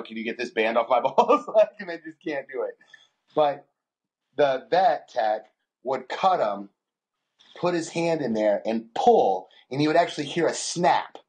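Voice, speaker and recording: A man with a husky, mid-pitched voice co-hosts a podcast and spins crude, rambling stories in loose casual chat. He swears constantly and breaks into laughter as he talks. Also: a little mellow. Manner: crude, joking storyteller who swears a lot and laughs often. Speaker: podcast co-host.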